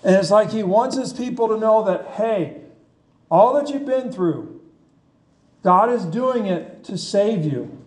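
Slow, high-voiced man preaching. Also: animated, darkish tone. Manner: slow, conversational preaching with rhetorical questions. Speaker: pastor. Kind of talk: sermon.

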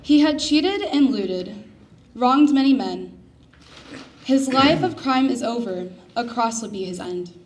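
A woman reading a Bible passage and a poem aloud at a church service in a careful, measured way. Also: a little high, animated, a little mellow. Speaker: scripture reader. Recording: distant mic with faint noise.

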